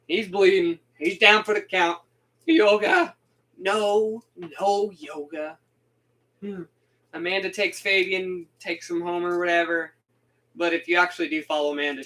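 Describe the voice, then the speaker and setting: Bright-voiced young man rambling about a game. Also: a little high, low-quality recording. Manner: rambling, animated, laughs often. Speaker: gaming video host. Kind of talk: casual game commentary.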